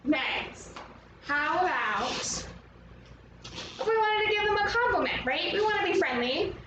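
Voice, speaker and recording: High-voiced woman teaching kids, echoey room. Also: expressive, highs cut off. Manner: upbeat, slow and clear, asks the viewer to join in. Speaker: children's arts teacher. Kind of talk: online lesson for young kids. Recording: roomy, echoey, from a distance with background noise.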